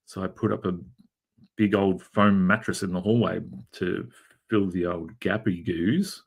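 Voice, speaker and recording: A man's voice: low voice, steady tone, unhurried, creaky, breathy edge. A middle-aged Australian man chatting casually on a drawing stream, telling rambling jokey stories full of fillers, from a converted garage room. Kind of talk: casual chat while drawing.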